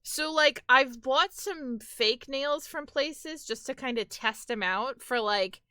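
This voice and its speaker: A chatty woman with a Brooklyn-flavored New York accent talks to her viewers on a live stream. Her voice is bright and sharp, and it sounds close and dry with no room around it. She rambles freely, peppering her talk with "like" and casual swearing. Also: high-pitched, slow, clear, resonant tone, no echo. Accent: New York, Brooklyn-tinged. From near New York City. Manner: chatty, animated, swears and says "like" a lot. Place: home.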